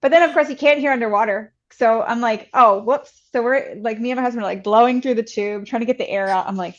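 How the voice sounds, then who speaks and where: A woman guest on a podcast, telling a personal story in a chatty, casual way, full of "like" fillers and lively acted-out quotes. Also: on the high side, fast, dull audio.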